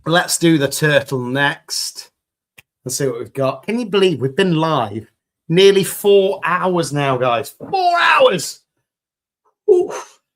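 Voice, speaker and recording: A man with a British accent chatting enthusiastically on a live stream while demolding resin pieces, a little croaky after hours of talking. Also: on the high side, expressive, measured pace. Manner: chatty and enthusiastic, greeting viewers.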